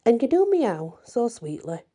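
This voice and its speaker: A woman's voice: fairly high pitch, big pitch swings, unhurried, dark tone, pitched above the performer's own voice. A woman doing an earnest little boy.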